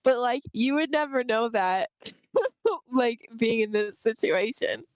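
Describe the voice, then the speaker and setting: A woman's voice: on the high side, very animated, slow, no echo, muffled recording. Chatty woman, dry close sound. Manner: chatty, laughing, swears casually. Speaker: podcast co-host. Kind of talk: casual book discussion livestream.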